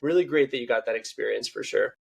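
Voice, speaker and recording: Fast-talking man hosting a podcast. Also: medium pitch, vocal fry, husky. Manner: quick, encouraging, full of "you know". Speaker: podcast host. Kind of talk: casual interview chat.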